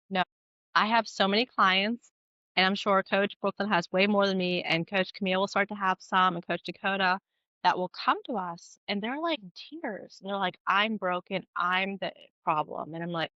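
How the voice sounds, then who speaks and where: Woman coach on earphones, acts out client quotes, bright dry voice. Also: medium pitch, moderate pace, dry recording, dull audio. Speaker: fitness coach. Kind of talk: casual podcast chat. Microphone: earphones on a video call.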